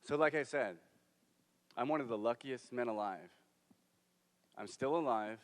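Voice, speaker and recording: A man's voice: mid-range voice, measured pace. A young man, a military veteran, earnestly telling his own story in a conversational way during a staged performance. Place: theater stage. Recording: long hall reverb from a stage.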